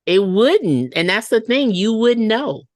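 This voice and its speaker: A woman's voice: a little high, very animated, a little slow, darkish tone, no echo. A woman co-hosting a podcast in casual chat, talking emphatically as she recaps a TV episode. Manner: emphatic, acts out characters' lines. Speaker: podcast co-host.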